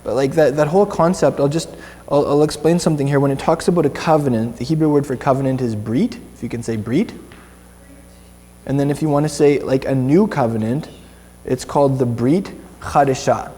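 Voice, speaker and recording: A man's voice: medium pitch, fairly quick, warm tone, in a large hall. A young Canadian man giving informal Bible teaching to a small group, chatty and rambling, with many restarts.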